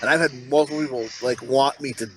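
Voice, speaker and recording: A man's voice: mid-range voice, steady tone, fast talker, fairly bright tone, a little hiss or hum. A man co-hosting a podcast, rambling through crude stories and laughing often in casual chat. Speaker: podcast co-host.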